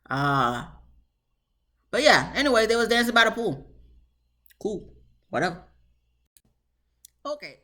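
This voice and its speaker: Woman, casual show review, lively swooping pitch, lots of fillers. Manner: chatty, animated, lots of "you know" fillers.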